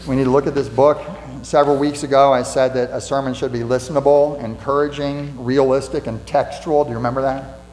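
A pastor giving a conversational sermon in a church, asking rhetorical questions and repeating lines for emphasis. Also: male voice, mid-range voice, little pitch movement, fairly quick, a little mellow. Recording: echoey hall with mains hum.

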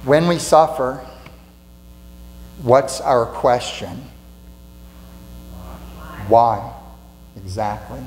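A pastor giving a conversational sermon in a church, asking rhetorical questions and repeating lines for emphasis. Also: male voice, mid-range voice, lively intonation, very slow, pauses often, a little mellow. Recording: echoey hall with mains hum.

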